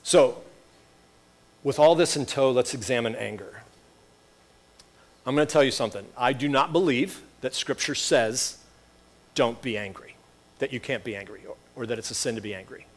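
A man's voice: medium pitch, moderate pace, long pauses. A man preaching a sermon as pastor, conversational, with rhetorical questions and wry asides.

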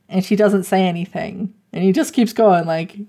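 Retelling the plot of a romance novel as a podcast host, this woman speaks in a mid-range voice at a moderate pace, rarely pausing. The casual chat is lively, full of laughter, with her performing the characters' dialogue.

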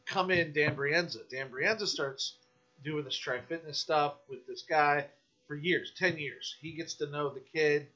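A man guesting on a podcast, telling a story in a casual, animated, profane rant. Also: a little high, unhurried, muffled recording.

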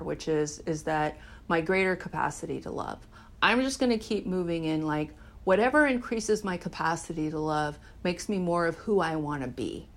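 A middle-aged woman giving a candid, animated personal recovery talk, swearing freely. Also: lowish voice. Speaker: recovery speaker.

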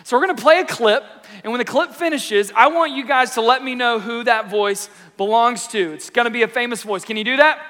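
A man in his thirties preaching a sermon in a lively, playful, conversational way. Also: very high-pitched, fairly quick. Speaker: pastor. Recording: echoey church hall.

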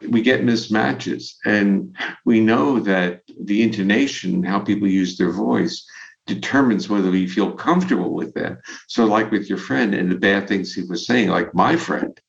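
A man with a low, gravelly voice talks through ideas as a podcast guest, measured and explanatory, with a chuckle here and there. His audio comes through dull and lo-fi. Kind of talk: conversational explanation.

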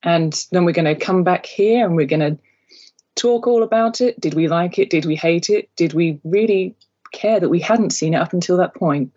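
Husky woman hosting a podcast. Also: fairly low pitch, mellow, dull audio. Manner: chatty, slightly nervous, halting with fillers. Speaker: podcast host. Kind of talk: casual chat.

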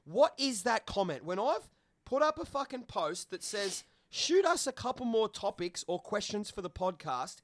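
High-voiced blunt sweary Australian man. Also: animated, normal speed, no room sound. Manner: blunt and sweary, ranting with rising heat. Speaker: podcast co-host. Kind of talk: casual podcast chat.

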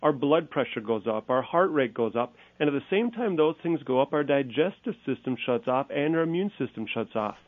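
A man's voice: medium pitch, lively intonation, brisk, few pauses, no room sound. A man from Minnesota, a guest expert on a talk show, explaining things in a folksy, emphatic way. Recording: tinny phone-like line.

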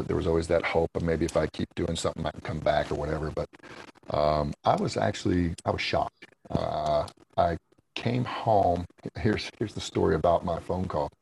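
Man, very low voice, gravelly, rambling storyteller, swears and laughs, faint background noise. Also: a little mellow, poor audio. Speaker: guest, former wrestler. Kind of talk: casual interview storytelling.

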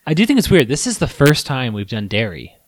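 A man's voice: mid-range voice, big pitch swings, a little fast, no room sound. A man co-hosting a casual podcast chat, joking and laughing often. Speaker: podcast co-host.

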